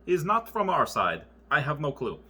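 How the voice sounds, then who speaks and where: A man doing an impression of a male tech company founder with a put-on Russian accent, speaking in short halting phrases. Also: fairly high pitch, wildly swooping pitch, bright, forceful tone, husky, exaggerated voice. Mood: unsure.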